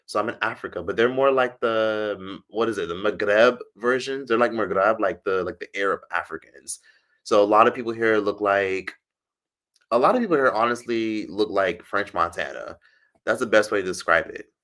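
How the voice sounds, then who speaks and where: A man's voice: fairly low pitch, moderate pace, a bit bright. A man chatting casually on a livestream, reading comments and rambling with loose, profane talk. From United States.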